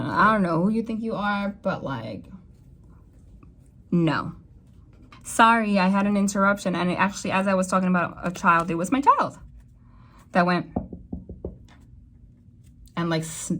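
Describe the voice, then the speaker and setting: A young woman talks through a tarot reading straight to her viewers. She rambles and doubles back, and her voice jumps up in sudden bursts of excitement. Her voice sits a little low for a woman. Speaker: tarot reader. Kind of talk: casual tarot reading to camera.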